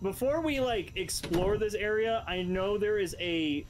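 A man's voice: high-pitched, unhurried. A man chatting and teasing his friends while playing a multiplayer game. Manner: chatty, teasing, laughs often. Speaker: guest gamer. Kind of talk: casual gaming chat.

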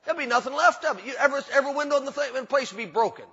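A man's voice: very high-pitched, lively intonation, racing, bright, forceful tone. A male pastor, preaching a sermon in a folksy, emphatic way, with repetition and humor. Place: church sanctuary. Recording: dull hall recording with long reverb.

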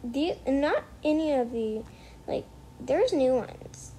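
A female gamer talks her way through a casual gameplay session at home, her voice sitting fairly high and her words coming out in an unhurried drawl. She rambles, backtracks and corrects herself mid-thought, then flares into playful mock outrage. A faint ambient hiss sits under the voice. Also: animated, mellow, low-quality recording. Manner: rambling, chatty, self-correcting. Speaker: gameplay streamer.

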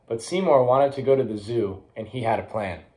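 A young man reading a children's picture book aloud to schoolchildren, lively, with quick voices for the characters. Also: mid-range voice, rough recording. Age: young adult. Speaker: college athlete reading aloud.

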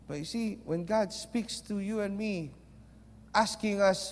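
A man preaching a sermon, mixing Tagalog into English and moving between loud and soft. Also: high-pitched, unhurried. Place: church. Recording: long reverb of a large hall.

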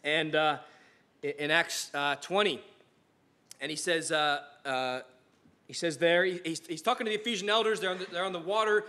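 A man preaching a sermon in a church, telling stories in a casual, animated way with frequent restarts. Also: on the high side, normal speed. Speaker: pastor.

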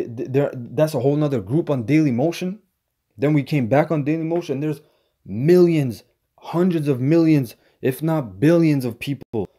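A man's voice: on the high side, warm tone. A man preaching to camera as a street preacher, in a profane, combative rant that stumbles into repeats and ends phrases with "man". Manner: halting repetitions and stammered restarts.

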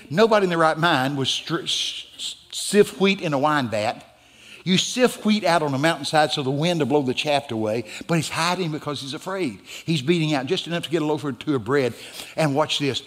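A man delivers a sermon from the pulpit with dramatic, emphatic delivery that swells to loud peaks. His voice sits a little high for a man. The long reverb of the church hall trails after each phrase. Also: lively intonation, moderate pace. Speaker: guest pastor. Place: church sanctuary.

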